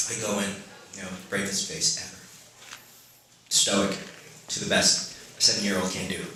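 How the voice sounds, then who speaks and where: Halting man in an echoey hall. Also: deep voice, sharp tone. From Philippines. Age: late 30s. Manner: halting, leans on "you know" fillers. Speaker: storyteller. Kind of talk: live personal storytelling. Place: stage before a live audience. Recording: very echoey room with audience.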